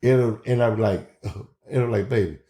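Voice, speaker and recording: A man's voice: medium pitch, fairly even intonation, measured pace, warm tone. A man, a pro wrestler, telling stories in casual chat with loose, rambling talk full of restarts. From Memphis, Tennessee, USA. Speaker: pro wrestler, guest host.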